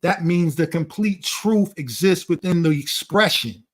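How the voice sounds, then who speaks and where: A man's voice: on the high side, measured pace. A man talking in a blunt, profane, lecturing way during a casual conversation. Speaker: channel host.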